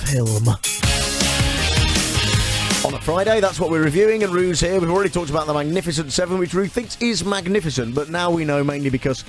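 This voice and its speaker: A man hosting a radio show, teasing his guest with quick, playful banter. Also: on the high side, over music. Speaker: radio host. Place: radio studio.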